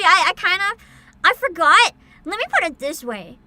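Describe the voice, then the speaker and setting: Bright, high, excitable woman streamer. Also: a little slow, pauses often. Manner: excitable, giggly, hums and squeals often. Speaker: streamer reacting to a game showcase. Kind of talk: casual livestream chat. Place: home streaming setup.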